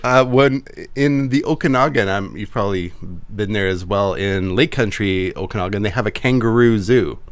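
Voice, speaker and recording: A man co-hosting a podcast, trading playful quick jokes and laughing often. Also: fairly low pitch, dry recording. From Canada. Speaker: podcast co-host. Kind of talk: casual chat.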